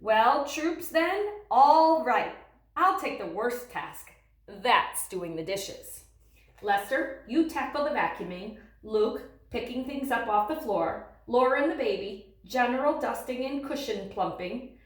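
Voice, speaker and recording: A woman voicing a cheerful, bossy father who gives brisk orders. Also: fairly high pitch, animated, reverberant. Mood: commanding. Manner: brisk and commanding.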